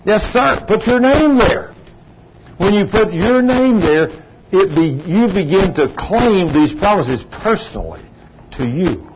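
A man preaching a sermon in a conversational, animated way, rising high for emphasis. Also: unhurried. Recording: muffled lo-fi recording with background noise.

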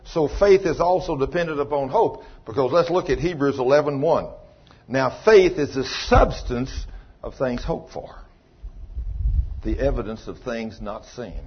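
A man preaching a sermon as pastor, telling a story and acting out the dialogue, swinging between loud and soft. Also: medium pitch, lively intonation, unhurried, husky, muffled recording.

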